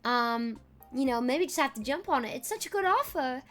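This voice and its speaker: A woman's voice: high-pitched, animated, moderate pace, a bit bright, faint music behind. A woman voicing a haughty, fussy female personal assistant in an affected posh manner.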